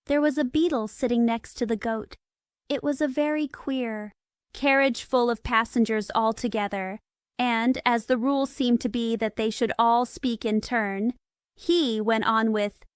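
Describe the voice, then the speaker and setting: A woman reading a storybook aloud as an audiobook narrator, slowly and clearly for English learners. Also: on the high side, steady tone, no echo, studio quality.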